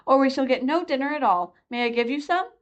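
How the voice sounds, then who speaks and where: A woman's voice: high-pitched, expressive, fast, muffled recording, pitched above the performer's own voice. A woman voicing a polite, slightly anxious young girl in a storybook reading. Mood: hasty. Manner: polite, earnest.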